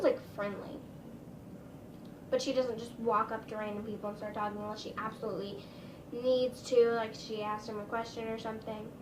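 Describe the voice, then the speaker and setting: A woman's voice: a little high, reverberant, recorded from a distance, background noise. A woman vlogger telling a casual storytime, rambling, with lots of "like" and "um". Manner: chatty, rambling, full of "like" and "um".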